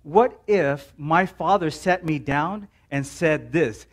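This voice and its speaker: A man's voice: on the high side, slow. A man in his forties preaching a sermon in a church, telling a story casually with many "um"s and "right?"s. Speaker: pastor.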